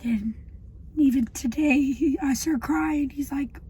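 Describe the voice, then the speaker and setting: A woman in her twenties talking in a personal video diary, halting and emotional, with many pauses. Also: high-pitched, dark tone, slight background noise, low-quality recording. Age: 20s. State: shaky. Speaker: vlogger.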